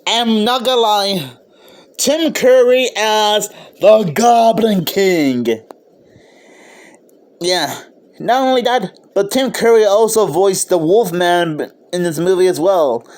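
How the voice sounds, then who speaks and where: A man's voice: high voice, expressive, unhurried. A man giving an eager, casual video review of a film, often stopping to restart or correct himself. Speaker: movie reviewer.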